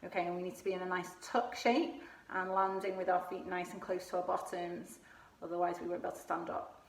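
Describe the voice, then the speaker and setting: A woman's voice: lowish voice, flat delivery, fairly quick, vocal fry. A woman coaching children through gymnastics moves at home, showing each one as she explains, a little out of breath at times. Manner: encouraging, demonstrates moves while talking. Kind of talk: home exercise lesson for children. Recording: echoey room, voice from a distance.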